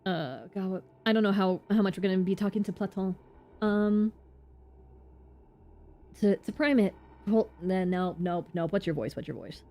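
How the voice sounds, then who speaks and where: A woman streamer giving chatty, excitable commentary while playing a game, often interrupting herself. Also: medium pitch, normal speed, long pauses.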